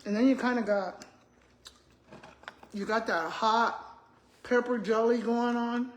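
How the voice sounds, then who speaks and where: An older woman, formerly a school principal and now a vlogger, chats with live-stream viewers while eating, in a fairly high, steady voice that takes its time. Chatty and calling everyone "y'all," she talks with her mouth full, and the room is echoey.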